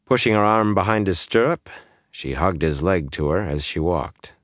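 Deep-voiced guy narrating a fantasy audiobook, measured and even, dry booth sound. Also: no room sound. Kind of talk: scripted narration.

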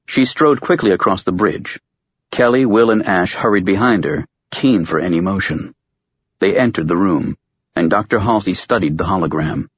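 A man narrating a science fiction audiobook in a steady, measured storytelling voice. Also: deep voice, slightly rough, dry recording. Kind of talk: scripted narration. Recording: dull lo-fi audiobook recording.

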